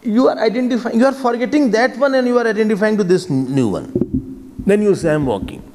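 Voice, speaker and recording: A man with an Indian accent giving a spiritual discourse as a swami, animated and switching between English and Hindi. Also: high-pitched, quick pace, slight background noise. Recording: reverberant hall.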